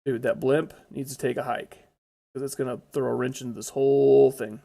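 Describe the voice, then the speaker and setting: A man's voice: medium pitch, fairly even intonation, moderate pace, vocal fry, mellow. A man giving casual, chatty commentary over his own gameplay, blurting out exclamations when startled.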